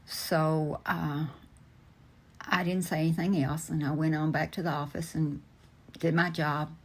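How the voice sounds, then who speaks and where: An older man slowly recounting a personal memory, pausing often with ums and uhs. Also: fairly high pitch, level tone. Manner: unhurried, halting, with many ums and uhs. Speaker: storyteller recounting family memories. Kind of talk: slow personal recollection.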